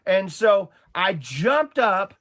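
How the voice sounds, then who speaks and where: A man from Oklahoma rambles through a personal testimony, telling his story while often repeating himself and stumbling over words. His voice is high and a bit bright, with big pitch swings, and he speaks slowly.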